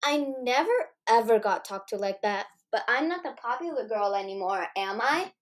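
A woman with a fairly high voice tells a first-person school story. Her delivery is dramatic and expressive. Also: moderate pace. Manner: dramatic, acts out her own dialogue loudly.

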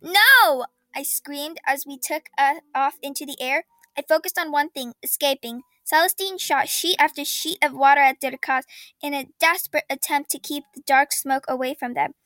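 Bright high-voiced woman reading a story. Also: moderate pace, no room sound. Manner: expressive, acting out dialogue loudly. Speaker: story reader. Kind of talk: first-person fantasy story reading.

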